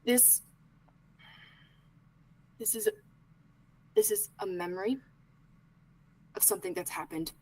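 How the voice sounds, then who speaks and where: A woman playing Arlo, a grieving young man, talking in halting, pleading bursts that sink to whispers. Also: medium pitch, a little mellow, poor audio.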